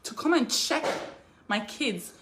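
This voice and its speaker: A young woman from Africa vlogging straight to camera, her voice sitting a little high. She is indignant and hammers the same phrases again and again, swelling into defiant outbursts. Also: lively intonation, slow pace, heavy background noise. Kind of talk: emotional direct-to-camera vlog.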